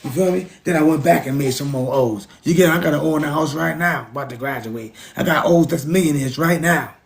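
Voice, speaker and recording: A man's voice: a little high, a little fast, creaky. A middle-aged man from the United States, ranting in a casual monologue, emphatic, preachy and repetitive, with frequent profanity. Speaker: vlogger.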